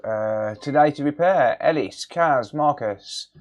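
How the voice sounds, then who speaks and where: A man hosting a casual repair livestream, greeting viewers by name in a relaxed, jokey way from a cluttered home workshop. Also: medium pitch, takes it slowly. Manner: relaxed, jokey, reads chat names aloud.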